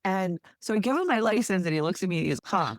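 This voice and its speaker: A woman from New Jersey telling a story as an interview guest, lively, acting out the quotes with big jumps in her voice. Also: mid-range voice, fast talker, dry recording, studio quality. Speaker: guest, animal rescue worker.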